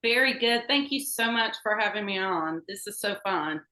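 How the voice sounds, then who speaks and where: A woman's voice: mid-range voice, animated, normal speed, pushed and bright. Woman guest, thick Southern Georgia accent, meandering storyteller, roomy echo on the track. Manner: rambling, hesitant, lots of fillers. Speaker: podcast guest. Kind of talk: casual storytelling.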